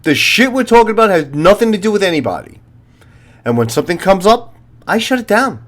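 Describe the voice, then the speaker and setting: A man's voice: sits high, sing-song, brisk, a bit bright. Blunt, swearing retired cop in his fifties. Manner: blunt, profane, lecturing. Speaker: retired police officer, channel host. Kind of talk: casual monologue to viewers.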